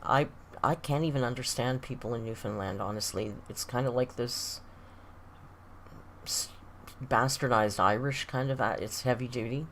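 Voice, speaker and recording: Woman, southern Ontario accent, low pitch, casual livestream chat, self-mocking, faint background hum. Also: moderate pace. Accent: southern Ontario Canadian. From southern Ontario, Canada. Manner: chatty, self-mocking, laughs often. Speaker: livestream host. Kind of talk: casual live chat with viewers.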